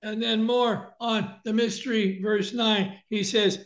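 A man preaching a sermon in short measured sections, pausing for an interpreter. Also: high-pitched, level tone, fairly bright tone. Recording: dull lo-fi recording.

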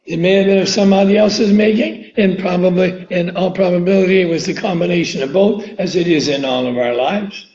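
A man preaching a sermon, reading scripture slowly and with emphasis and putting questions to his listeners. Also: high voice, a little mellow, reverberant, highs cut off. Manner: slow and emphatic, drawing out quoted verses, asking questions.

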